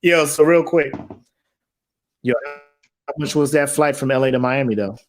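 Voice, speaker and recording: A man's voice: medium pitch, moderate pace. A young man co-hosting a podcast, joking and swearing in casual chat. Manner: laid-back, joking, swearing. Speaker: podcast co-host.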